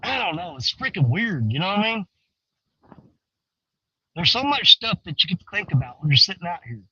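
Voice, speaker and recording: A man talking casually to viewers from a riverbank, folksy and rambling, swinging between excited and hushed. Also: high-pitched, a little fast, husky, no echo, muffled recording. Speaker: outdoor fishing vlogger. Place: outdoors on a riverbank.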